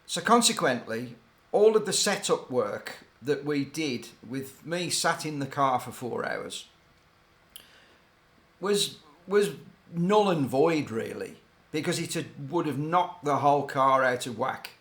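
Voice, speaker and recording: A man's voice: a little high, expressive, takes it slowly, fairly bright tone. An older man, a former racing team mechanic, telling rambling, digressive stories in a casual, hesitant way. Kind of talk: casual anecdotal storytelling.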